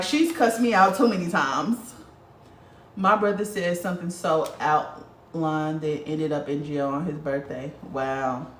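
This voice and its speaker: A woman hosting a casual spiritual livestream and reading viewer comments aloud, talking bluntly with lots of swearing. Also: low-pitched. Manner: blunt, profane, animated talker. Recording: roomy, distant from the mic.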